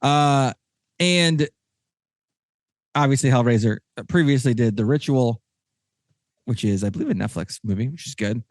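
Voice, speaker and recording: A man hosting a casual podcast chat with a Texan accent, rambling and excitable, with many restarts. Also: mid-range voice, normal speed, long pauses, no room sound, studio quality. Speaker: podcast host.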